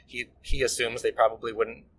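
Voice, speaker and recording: A man's voice: medium pitch, level tone, brisk, fairly bright tone, slight background noise, poor audio. A young man co-hosting a podcast, teasing and enthusiastic, with lots of fillers. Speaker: podcast co-host. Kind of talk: casual chat.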